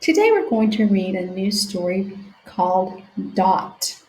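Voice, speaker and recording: A woman teaching a phonics lesson to young children, sounding out words slowly letter by letter. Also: medium pitch, big pitch swings, darkish tone, a little hiss or hum. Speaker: reading teacher. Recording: echoey room.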